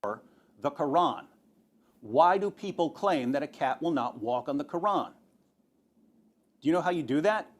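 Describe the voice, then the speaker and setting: A man with a notably high voice speaks in a played video clip. His monologue is sarcastic, and he sounds mock-amazed throughout. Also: lively intonation, a little slow, pauses often.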